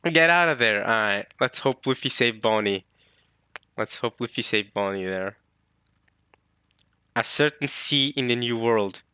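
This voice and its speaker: A young man hosting a manga reaction video, excitable and slangy, laughing often. He talks into a close mic. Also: mid-range voice, unhurried, long pauses, smooth, no room sound. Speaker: reaction channel host.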